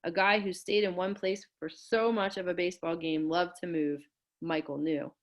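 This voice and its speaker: Lady teacher reading a kids' baseball book out loud to class, lowish voice, acts out the lines. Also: normal speed. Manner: reads dialogue with lively lifts in pitch and volume, stopping to explain words. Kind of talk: reading a novel aloud with classroom asides.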